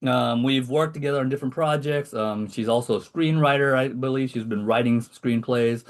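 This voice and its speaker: A man's voice: mid-range voice, moderate pace. A man hosting a casual podcast over a video call, rambling and self-deprecating as he talks. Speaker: podcast host. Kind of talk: casual chat.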